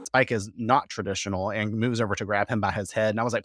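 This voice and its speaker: Man, podcast host, casual recap, profane, low voice, dry sound. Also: quick pace, hardly any pauses, dry recording. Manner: profane and animated, with many quoted asides.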